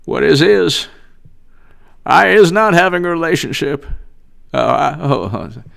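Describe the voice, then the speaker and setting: Man playing older pol, folksy evasive drawl, gravelly low, slow. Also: lively intonation, a bit bright, heavily acted. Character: folksy older male politician evading questions, impression.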